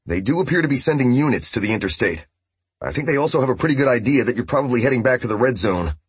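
A man voicing a steady male coordinator briefing a team over comms. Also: medium pitch, fast, breathy edge, no room sound, voice pushed up.

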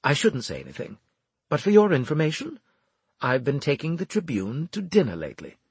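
A man voicing a snooty, easily ruffled male officer who talks in a huffy, hissing way, much higher than his own voice, in an audiobook. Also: wildly swooping pitch, brisk, breathy edge, dry recording, full character voice. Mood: smug. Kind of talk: audiobook character reading.

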